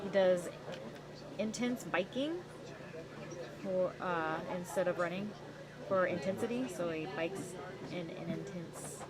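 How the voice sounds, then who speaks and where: A woman's voice: fairly low pitch, measured pace, pauses often, poor audio. A woman commentating on a race livestream outdoors, talking in a rambling way with many fillers. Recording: loud crowd behind.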